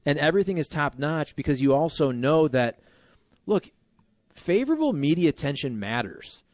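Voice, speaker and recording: A man hosting a sports talk radio show, chatting casually with animated, joking asides. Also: on the high side, moderate pace, no room sound.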